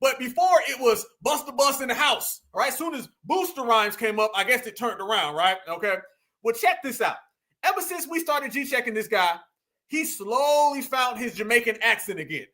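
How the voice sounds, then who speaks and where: Male commentary host, high and bright, mocking, emphatic rant. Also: big pitch swings, moderate pace. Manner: mocking, preachy, emphatic with asides to viewers. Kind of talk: heated commentary monologue.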